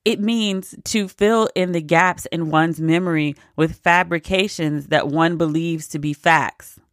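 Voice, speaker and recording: A woman's voice: low-pitched, steady tone, a little slow, dry recording, clean studio sound. A woman hosting a podcast, giving casual news commentary in a wry, exasperated way and laughing between quotes. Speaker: podcast host.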